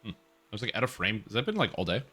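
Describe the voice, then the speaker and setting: A man's voice: fairly low pitch, big pitch swings, racing, bright, forceful tone, breathy edge. A man streaming a game and chatting casually with his viewers, rambling and chuckling now and then. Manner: rambling, chuckles often, talks to his cat. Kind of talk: casual live-stream chat.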